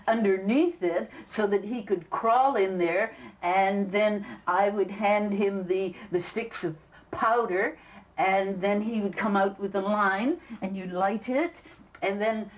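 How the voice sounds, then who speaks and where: Older woman interviewee, chatty and halting, middle pitch. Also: low-quality recording. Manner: halting, repeats words, chatty storytelling. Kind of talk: reminiscing interview.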